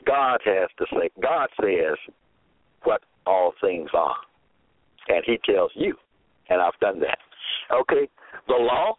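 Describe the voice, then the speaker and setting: A man preaching a radio sermon, slow and emphatic, repeating himself and asking rhetorical questions. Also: sits low, big pitch swings, dry recording. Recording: tinny phone-like radio audio.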